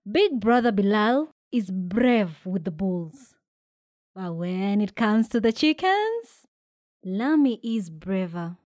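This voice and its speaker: A woman from Kenya reading a children's picture book aloud, with lively shouted voices for the characters. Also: medium pitch, slow pace, dry recording, clean studio sound. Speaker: storybook reader. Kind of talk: expressive read-aloud storytelling.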